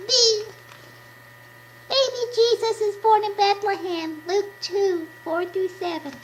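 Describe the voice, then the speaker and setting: A woman voicing a sweet, eager little girl puppet who reads slowly and carefully in a children's puppet show. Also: extremely high pitch, pitched above the performer's own voice, low-quality recording. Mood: reading carefully. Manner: slow, careful storybook reading. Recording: steady background noise.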